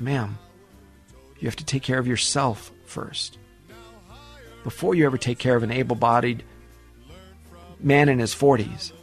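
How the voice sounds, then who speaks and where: A man hosting a financial radio talk show, telling a client story in an animated, chatty way with frequent restarts. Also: mid-range voice, gravelly.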